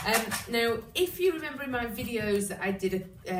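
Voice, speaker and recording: A woman's voice: moderate pace, hardly any pauses, over loud music. Woman, dog trainer, casual how-to delivery, recorded from afar in a reverberant room. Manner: chatty explaining, with bursts of high excited praise to a dog. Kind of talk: casual instructional talk. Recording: roomy echo, distant mic, background noise.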